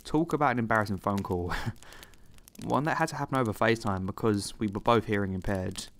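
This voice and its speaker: A man narrating horror stories from a script. His voice sits low and his reading stays calm and steady. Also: brisk, a little hiss or hum.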